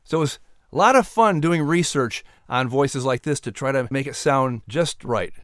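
A man's voice: mid-range voice, normal speed, no room sound, clean studio sound. A man hosting a podcast and reading a scripted outro, chatty and explanatory. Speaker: podcast host and audiobook narrator.

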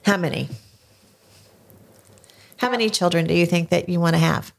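An older woman hosting a casual podcast interview, gently coaxing answers with leading questions from a studio. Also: on the low side, moderate pace, vocal fry. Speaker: podcast host. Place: home studio.

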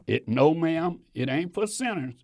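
A man's voice: on the high side, animated, a little slow, a little mellow. A man preaching a sermon to his congregation, emphatic and repeating phrases for stress.

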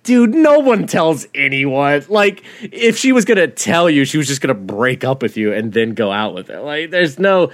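A man co-hosting a podcast, talking in an animated, profane way and laughing often. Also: on the high side, moderate pace, hardly any pauses. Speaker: podcast co-host. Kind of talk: casual chat.

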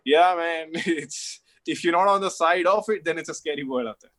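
A man's voice: fairly high pitch, normal speed, fairly bright tone. A man chatting as a guest, reflective and loose, with lots of fillers like "you know". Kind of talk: casual conversation.

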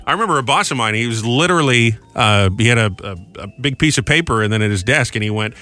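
A man's voice: mid-range voice, lively intonation, bright, forceful tone, faint music behind. A man hosting a morning radio show, joking and bantering with a co-host and callers. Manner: jokey, fast banter with hammy put-on drawls.

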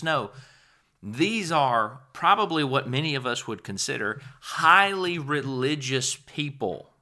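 A man delivering a sermon at an unhurried pace. His voice is bright and forceful, and he presses hard on key words. Between points he slips into plain, conversational asides. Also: mid-range voice, lively intonation. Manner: emphatic, rises and falls in volume for stress. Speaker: preacher.

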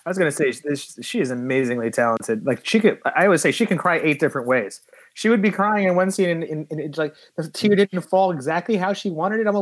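A man who is a film producer, telling lively stories in a casual interview and acting out quotes. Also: on the high side, quick pace, no room sound. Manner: animated storyteller who acts out quotes.

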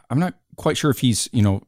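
A man co-hosting an interview podcast who asks questions in a lively way, searching for his words. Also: mid-range voice, normal speed, no echo, studio quality.

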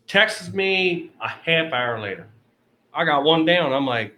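A man co-hosting a casual podcast, telling a hunting story in an animated, profane way. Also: a little high, unhurried. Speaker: podcast co-host.

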